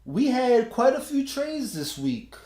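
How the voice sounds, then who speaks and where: A man in his thirties with a New York accent, co-hosting a casual sports podcast in a laid-back, laughing way with halting restarts. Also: extremely high pitch, sing-song, warm tone, roomy sound. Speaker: podcast co-host.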